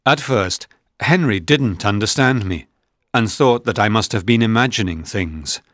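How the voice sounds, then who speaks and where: A man reading a storybook aloud in a measured, plain narrating manner. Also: on the low side, expressive, a bit bright, no echo, clean studio sound.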